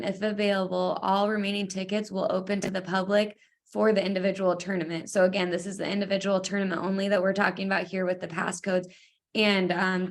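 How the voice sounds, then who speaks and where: A woman giving schedule details in a webinar, steady in delivery and slightly losing her voice. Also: mid-range voice, vocal fry. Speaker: athletic association staff. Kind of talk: informational webinar briefing. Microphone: video call.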